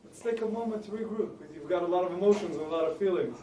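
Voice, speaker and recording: Calm placating therapist, roomy sound. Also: male voice, sits high, rapid-fire. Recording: roomy, distant mic.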